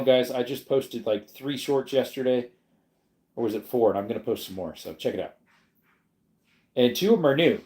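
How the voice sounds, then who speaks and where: A man hosts a laid-back livestream, wandering between topics while reading his chat aloud and answering viewers. His voice is mellow, relaxed, and of ordinary male pitch, echoing in the room around him.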